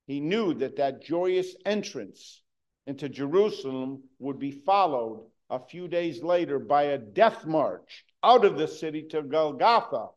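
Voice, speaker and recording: A man preaching a sermon, earnest, moving between hushed and emphatic delivery. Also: a little high, animated, unhurried, dull audio.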